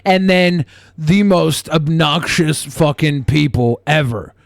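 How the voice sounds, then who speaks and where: Dude hosting a podcast, swears a lot, jokey rants, kinda high voice, dry close sound. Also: male voice, steady tone, slow pace, creaky, dry recording. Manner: profane, joking, rambling. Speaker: podcast host. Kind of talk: casual podcast commentary.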